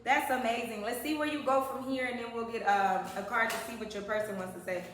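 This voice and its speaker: A woman's voice: fairly high pitch, steady tone, fast talker, fairly bright tone. A woman in her thirties giving a chatty, emphatic tarot reading to her viewers. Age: 30s. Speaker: tarot reader. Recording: very echoey room.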